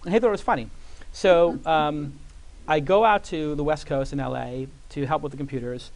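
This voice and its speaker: A man in his forties on a conference stage, telling an animated story and acting out other people's voices. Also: on the high side, moderate pace. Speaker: guest entrepreneur. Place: conference stage before an audience.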